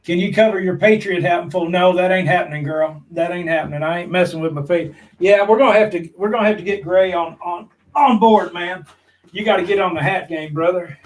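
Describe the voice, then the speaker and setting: A man's voice: high-pitched, steady tone, brisk, low-quality recording. A man, co-hosting a casual live-stream chat in a folksy, joking way. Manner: folksy, jokey, calls people brother. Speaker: prepping channel co-host.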